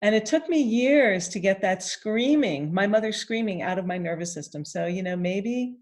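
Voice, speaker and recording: With an animated yet gentle manner, a woman walks listeners through a tapping session. She repeats lines in the first person and breaks for sighs and deep breathing.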